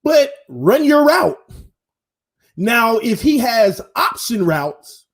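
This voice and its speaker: A man's voice: extremely high pitch, slow. A man hosting his own sports channel, chatting casually and slangily to viewers on a live stream. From Florida. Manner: animated, talks straight to viewers, slangy.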